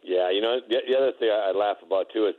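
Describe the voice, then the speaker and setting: A former basketball player with a lowish, rapid-fire voice casually tells rambling anecdotes, laughing and restarting often. He is recorded on a phone, sounding tinny like a phone line.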